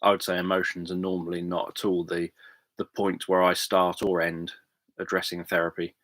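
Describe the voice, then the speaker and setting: A man with a low voice talks casually to livestream viewers as a therapist. He thinks aloud with lots of ums and restarts, his tone bright and clear, close to a dry mic. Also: monotone, moderate pace, no echo. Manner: rambling, thinking aloud with many fillers. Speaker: hypnotherapist answering viewer questions.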